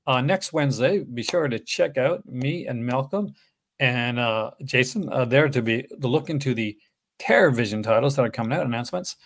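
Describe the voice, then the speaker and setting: A man hosting a casual livestream about films, speaking at a middling pitch. He talks in a halting, chatty way, circling back and restarting his sentences. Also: expressive. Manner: hesitant, full of fillers and restarts. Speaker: host.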